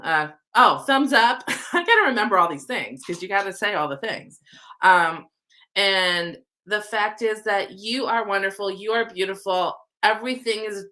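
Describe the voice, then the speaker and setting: A woman's voice: medium pitch, sharp tone. Upbeat woman with a stuffy nose. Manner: affectionate, upbeat, chatty. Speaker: oracle card reader. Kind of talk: live stream card reading.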